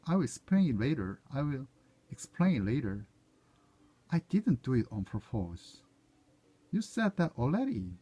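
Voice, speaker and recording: Man, Korean native speaker, reading English phrases aloud, proofreading, lively pitch, slow delivery. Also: slightly rough. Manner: reads short dialogue lines one by one, sometimes correcting himself.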